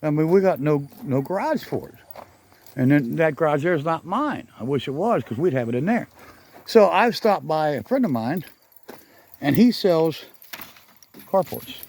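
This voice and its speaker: A man's voice: on the high side, big pitch swings, normal speed, long pauses, darkish tone. A middle-aged man chatting casually in a garage vlog outdoors, rambling and correcting himself with frequent chuckles. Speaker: garage channel vlogger.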